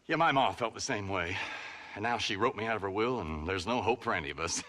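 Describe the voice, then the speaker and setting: An actor playing a foppish, giggly writer from back east who talks flamboyantly and theatrically. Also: male voice, lowish voice, lively intonation, brisk, bright, forceful tone. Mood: giddy.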